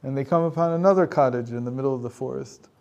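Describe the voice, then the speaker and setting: A man's voice: medium pitch, fast, a little mellow, dull audio. A man, a rabbi and teacher, telling a story in a conversational lecture with frequent chuckles.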